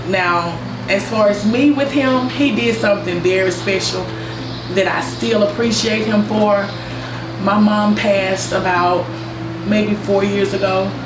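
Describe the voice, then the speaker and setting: A woman giving an unhurried, heartfelt memorial tribute to a coworker. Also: medium pitch, background noise. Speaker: UPS coworker. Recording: roomy echo with music behind.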